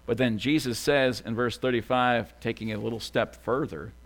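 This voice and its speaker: A man preaching a sermon as a pastor, animated, swinging from loud excited bursts to quiet asides. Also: mid-range voice, normal speed.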